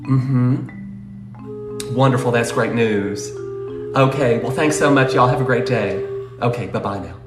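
A man's voice: mid-range voice, a little slow, pauses often, roomy sound, over music, pitched below the performer's own voice, lightly acted. A man putting on a fake Southern accent, playing an overly polite phone banker. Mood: syrupy polite. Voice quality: exaggerated drawl, overly polite.

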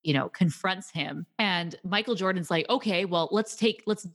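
A woman's voice: lowish voice, moderate pace. A woman co-hosting a podcast, casually talking through a movie's scenes with lots of laughter. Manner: animated retelling with laughter. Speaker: podcast co-host.

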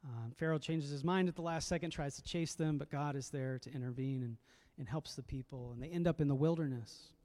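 A man's voice: fairly high pitch, brisk, few pauses, a little mellow. A man preaching a sermon as a pastor, reflective and conversational, often repeating words as he goes.

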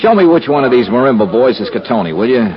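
A man's voice: mid-range voice, big pitch swings, fast, crowd noise, natural voice. A man playing a wry wisecracking troubleshooter. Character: wisecracking male private troubleshooter. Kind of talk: 1940s radio acting. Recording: dull old radio recording with music.

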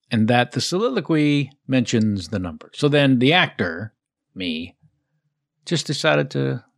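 A man hosting a casual podcast, reading listener mail aloud. His delivery is playful and self-mocking, with jokey asides. His pitch swings in a lively, animated way. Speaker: podcast host and actor.

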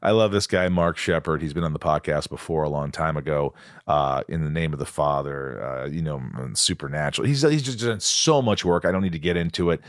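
A man hosting a podcast, chatting casually in a jokey, excitable, rambling way. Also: a bass voice, a little fast, no echo, clean studio sound. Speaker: podcast host.

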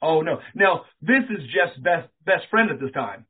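A man's voice: sits high, measured pace, breathy edge. A man telling wrestling stories in a casual interview, acting out the voices of the people he quotes and swearing casually. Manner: animated storyteller, acts out quoted dialogue, swears casually. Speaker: interview guest, former pro wrestler. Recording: tinny phone-like line.

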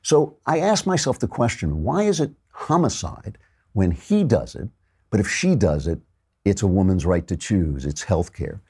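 A man's voice: lowish voice, sing-song, moderate pace, dark tone, husky. A man hosting a political talk show, giving sarcastic, mocking commentary.

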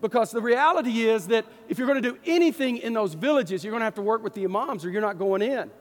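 A man from East Texas with an East Texas accent, a pastor telling a story in a folksy, animated sermon. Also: high voice, quick pace, long reverb tail. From East Texas, USA.

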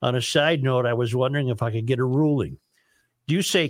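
A man hosting a talk radio show, reading listener emails in a relaxed, chuckling way with halting restarts. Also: mid-range voice, no echo, studio quality.

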